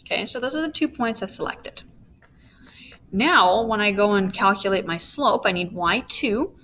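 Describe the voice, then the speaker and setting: A woman's voice: mid-range voice, expressive, normal speed, bright, forceful tone, a little hiss or hum. A woman teaching a recorded physics lesson, walking through each step and checking in with her students, with playful asides. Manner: walks through steps, checks in with "okay?".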